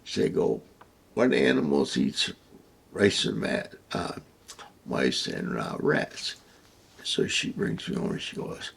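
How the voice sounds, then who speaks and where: Gravelly deep-voiced man telling a story. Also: wildly swooping pitch, slight background noise. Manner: rambling, halting, crude. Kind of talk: casual anecdote.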